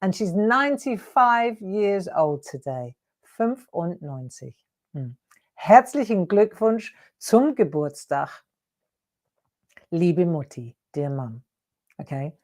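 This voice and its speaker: A woman's voice: lowish voice, expressive, takes it slowly, darkish tone. A middle-aged woman hosting a live craft demonstration, talking viewers through her coloring in a chatty, coaxing way. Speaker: craft show host.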